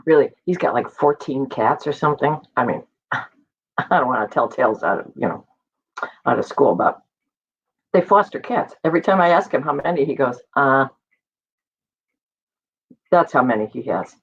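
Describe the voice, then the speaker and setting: A woman's voice: a bass voice, animated, brisk, husky, lo-fi sound. A woman hosting an online show, chatting and teasing her guests between acts. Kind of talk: casual chat.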